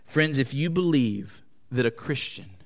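A pastor preaching a sermon to his congregation, with an impassioned delivery that swings between loud, high emphasis and quiet, low tones. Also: animated, a little slow. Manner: impassioned preaching with wide swings in pitch and loudness. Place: church hall. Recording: long hall reverb.

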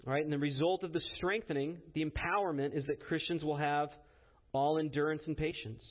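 A man's voice: fairly high pitch, steady tone, brisk. A man preaching a sermon in an earnest, emphatic way, often checking in with his listeners by asking "right?". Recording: tinny phone-like sound.

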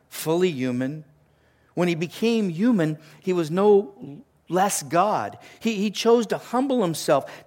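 A man preaching a sermon, earnest, repeating phrases for emphasis and sometimes dropping almost to a whisper. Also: on the high side. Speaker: pastor.

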